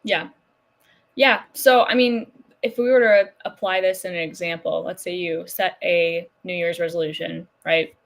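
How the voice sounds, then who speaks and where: Woman, lowish voice, casual podcast co-host, chatty and affirming. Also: a little slow, vocal fry. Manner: relaxed, chatty, affirming with fillers.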